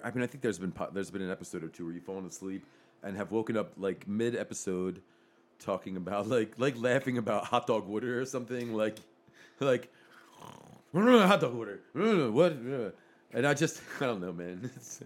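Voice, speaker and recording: A man's voice: on the low side, quick pace. A man in casual chat, teasing and swearing as he reacts. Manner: wry, teasing, profane.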